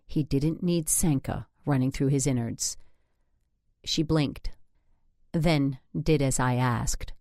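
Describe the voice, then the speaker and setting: A woman's voice: very deep voice, takes it slowly, dark tone, no room sound. A woman narrating a first-person audiobook with a wry, dry sense of humor.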